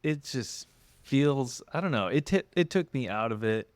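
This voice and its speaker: A man's voice: medium pitch, lively intonation, moderate pace, no room sound. A man co-hosting a podcast in casual chat, laid-back and a bit hesitant.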